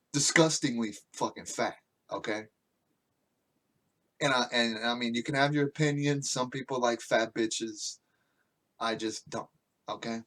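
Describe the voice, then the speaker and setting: A man's voice: medium pitch, a bit bright. Profane ranting man on a podcast. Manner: crude, profane, mocking, ranting. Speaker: podcast host. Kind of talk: casual podcast rant.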